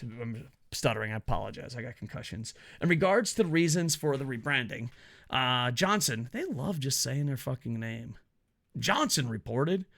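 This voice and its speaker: A man's voice: mid-range voice, sharp tone. A man giving casual, profane, sarcastic commentary on wrestling news.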